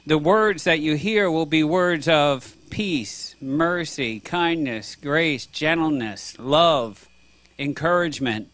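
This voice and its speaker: A man's voice: fairly high pitch, takes it slowly, fairly bright tone, no echo. A man preaching a sermon to a congregation, earnest and conversational, with frequent restarts. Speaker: pastor.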